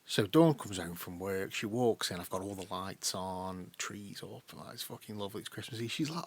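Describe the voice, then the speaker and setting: A podcast co-host from the tells a story in an animated, swinging voice. He swears freely, laughs a lot and acts out the other people's lines. The recording is dry and close. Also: medium pitch, moderate pace, husky, no room sound. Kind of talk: casual storytelling chat.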